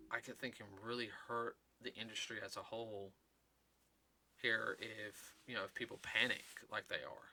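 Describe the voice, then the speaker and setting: A man hosting a casual talk show, speaking in an earnest, rambling way with halting restarts. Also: lowish voice, pushed and bright, a little hiss or hum. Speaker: host. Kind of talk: casual chat.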